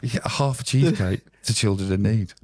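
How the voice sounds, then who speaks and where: A man's voice: lowish voice, brisk, darkish tone. A man, a podcast guest, telling rambling, swearing anecdotes in casual storytelling.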